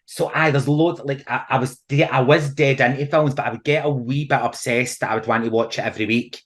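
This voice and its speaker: Animated Scottish man telling stories. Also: mid-range voice, fairly quick. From Scotland. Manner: animated storyteller, laughs often. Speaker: podcast guest. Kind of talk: casual chat.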